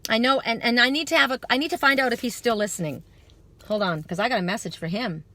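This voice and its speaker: A woman's voice: fairly high pitch, fast talker, pushed and bright, no echo. A woman giving a live psychic card reading to her viewers outdoors at dusk, talking in an earnest, rambling, spiritual way.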